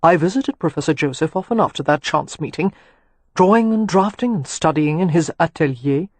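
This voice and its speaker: An audiobook reader voicing a charming, self-assured young nobleman with wry, teasing talk, husky in tone. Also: medium pitch, lively intonation, normal speed, a little mellow, dry recording, close to an everyday voice. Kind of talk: audiobook character reading.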